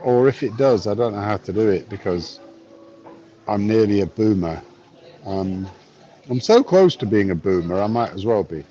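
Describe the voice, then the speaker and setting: A man's voice: lowish voice, expressive, moderate pace, mellow, dull audio. A man in his fifties, live streaming from a bar on his phone, chatting wryly and reading chat messages aloud. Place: bar, drinking a pint.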